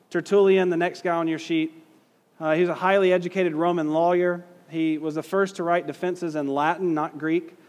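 A man teaches a class, talking in a relaxed, conversational way and reading passages aloud. His voice sits a little high, and he hits key words hard and puts questions to the room. A long reverb trails behind him, as in a large hall. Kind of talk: classroom lecture reading historical quotes.

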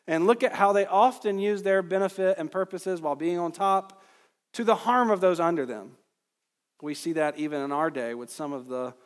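A man preaches an expository sermon in an earnest, emphatic way. His voice sits somewhat high and climbs at the points he stresses. The sound carries a long reverb from the hall. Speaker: pastor.

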